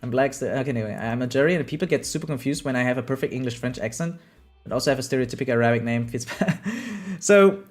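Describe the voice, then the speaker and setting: A man's voice: medium pitch, quick pace, soft background music. A man from Germany with a German accent, streaming a game live and chatting casually with his viewers, laughing often as he answers chat.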